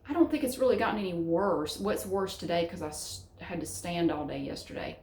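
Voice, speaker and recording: A woman's voice: fairly low pitch, animated, a little fast, darkish tone. A middle-aged woman with a Southern US accent chatting frankly to camera at home, rambling from one story to the next and cursing freely. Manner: rambling, frank, salty language. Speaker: vlogger. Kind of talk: casual chat to camera. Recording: roomy echo.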